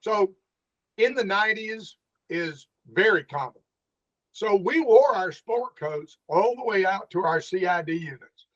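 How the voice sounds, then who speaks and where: A man's voice: high-pitched, unhurried. Middle-aged man telling cop stories. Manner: animated storyteller, acts out the dialogue. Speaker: guest, former police officer. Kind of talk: casual storytelling interview. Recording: dull lo-fi sound.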